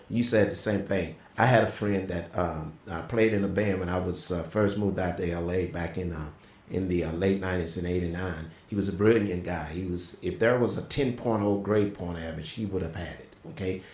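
A middle-aged man telling a personal testimony in a casual, animated way, as a co-host. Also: normal speed. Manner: animated storyteller, voice jumps high when quoting. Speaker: prophet and co-host. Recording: roomy echo.

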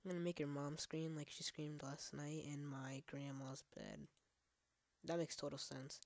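Brief: low-voiced woman, casual let's play host, rambling and profane. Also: little pitch movement, unhurried, a little mellow, no room sound, studio quality. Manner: rambling, profane, many fillers; trash-talks the game. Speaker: gaming channel host.

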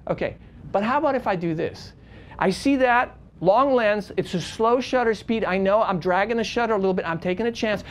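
A wedding photographer teaches a live workshop to a room full of people, speaking with passion and emphasis. His voice sits high and is expressive, and he talks briskly.

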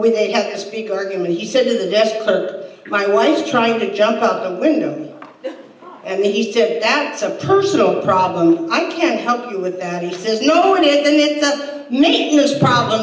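An older comedy host trades in deadpan one-liners and quoted voices, her stand-up met by a laughing hall audience. Medium in pitch, she keeps a moderate pace with a dry delivery. Recorded from a distance, the roomy hall sounds echoey, with laughter from the crowd.

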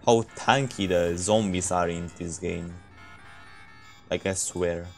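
A man streaming a shooter game with viewers, reacting excitedly and swearing, his voice jumping high when shocked. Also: slow, creaky, faint music behind. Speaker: gaming streamer. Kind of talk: casual live game commentary.

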